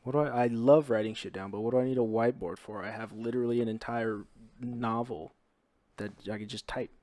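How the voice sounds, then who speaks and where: A man's voice: mid-range voice, fairly even intonation, a little fast, warm tone, dry recording. A young man joking dryly in a casual podcast chat. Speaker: podcast co-host.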